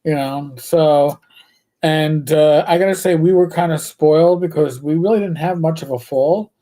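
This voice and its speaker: A man's voice: on the high side, normal speed, dark tone. Older man hosting a casual chat. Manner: joking and profane, tells stories with lots of restarts. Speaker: show host. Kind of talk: casual live-stream chat.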